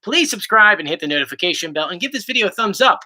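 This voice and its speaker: Lively, bright-voiced teasing man. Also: high voice, fast. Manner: playful, teasing. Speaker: host. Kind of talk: casual livestream chat.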